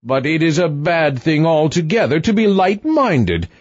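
Man doing a sobbing storybook queen, high wailing voice, husky, muffled recording. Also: sing-song, unhurried, no room sound. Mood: indignant. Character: tearful fretful queen, quick-tempered.

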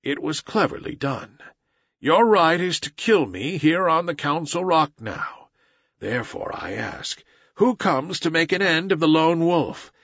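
A man's voice: on the high side, animated, a little slow, fairly bright tone, breathy edge, no echo, voice pushed up, full character voice. A man voicing a weary, solemn old male wolf who leads the pack, in a slightly dull recording.

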